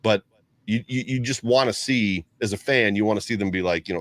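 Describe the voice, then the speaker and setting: Low-voiced man co-hosting sports talk. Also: fairly quick, no echo. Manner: excitable, rambling, reads viewer comments. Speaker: co-host. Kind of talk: casual sports talk show.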